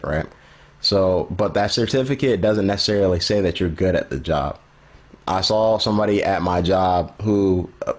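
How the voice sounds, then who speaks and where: A man co-hosting a podcast, telling a work story in casual chat. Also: low voice. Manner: storytelling, mocking voices of others. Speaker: podcast co-host.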